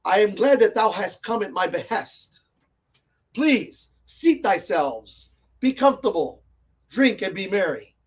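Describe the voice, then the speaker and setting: A man's voice: sits high, sing-song, a little slow, slightly rough, exaggerated voice. A man voicing a courtly male noble who greets his guests in flowery, archaic speech. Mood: gracious.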